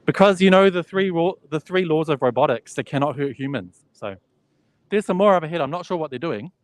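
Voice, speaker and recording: Touring a vast indoor expo hall live, a vlogger films on a handheld phone while chatting, laughing easily and thinking out loud. His voice is fairly high, animated and brisk.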